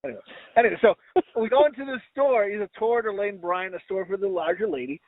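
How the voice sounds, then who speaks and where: A man co-hosts a podcast, talking fast and spinning rambling, crude stories at his own expense. He acts out what people said, using a high pitch for the quoted voices. It's a casual storytelling chat, and the recording is dry, phone-like lo-fi audio.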